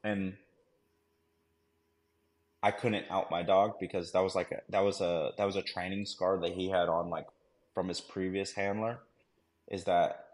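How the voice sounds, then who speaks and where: A man's voice: low voice, level tone, unhurried, pauses often. A man, a former army dog handler, telling a war story on a podcast in a casual, slangy way full of fillers and "right?". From United States.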